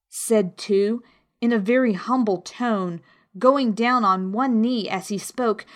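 Woman reading a kids story aloud, slow and lively, kinda high voice. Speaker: audiobook narrator. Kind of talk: storybook narration.

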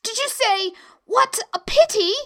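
A woman voicing a timid, anxious male rabbit who speaks in a hushed, hurried way in a storybook reading. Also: very high-pitched, lively intonation, pitched above the performer's own voice, exaggerated voice. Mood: nervous.

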